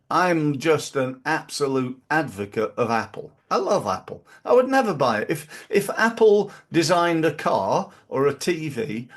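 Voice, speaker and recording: A man talking casually about marketing as a business coach, rambling and acting out little scenes. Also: on the high side.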